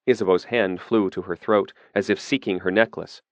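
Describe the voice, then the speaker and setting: A man reading a fantasy audiobook in a steady, measured narration. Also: low voice, no room sound, highs cut off.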